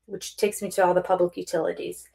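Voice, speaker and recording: An older woman vlogging, chatty and animated, acting out both sides of phone calls with laughs and dropping to a near-whisper at times. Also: fairly low pitch, fast talker, creaky. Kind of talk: casual storytelling vlog.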